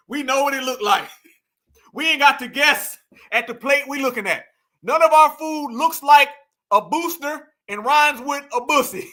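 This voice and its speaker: A man's voice: very high-pitched, sharp tone. A man giving scornful reaction commentary, laughing often and repeating phrases for effect.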